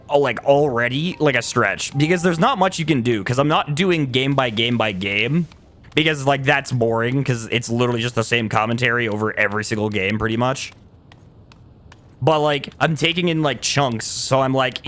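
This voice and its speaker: A man talking off the cuff while he streams a game, his voice sitting in an ordinary middle pitch. He rambles and doubles back on his words, breaks off half-sentences, and chuckles between his points. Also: fairly bright tone. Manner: rambling, self-correcting, trails off and laughs. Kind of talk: casual livestream chat while gaming.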